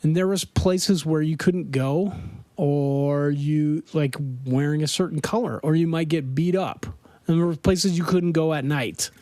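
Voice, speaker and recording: Slow, rambling man with a higher voice. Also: steady tone, dark tone, dry recording. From Denver, USA. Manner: rambling storyteller, laughs often. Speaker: podcast host. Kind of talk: casual chat.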